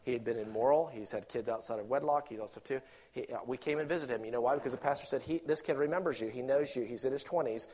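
A man preaching a sermon with passion, rising to loud emphatic peaks and dropping to quiet asides, acting out imagined objectors. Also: medium pitch, fast. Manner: acts out imagined objectors in quoted voices.

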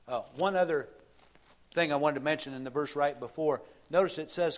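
Middle-aged male preacher, slightly high pitch, sermon delivery that swells to emphasis and slows for repetition. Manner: preaching with rising emphatic bursts and slow repeated lines. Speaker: pastor.

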